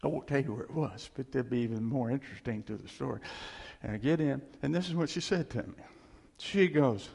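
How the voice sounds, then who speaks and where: A middle-aged man giving a personal testimony to a congregation, telling the story with lively animation and frequent chuckles. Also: mid-range voice, a little fast, creaky, husky. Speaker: church speaker sharing testimony. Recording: long reverb of a large hall.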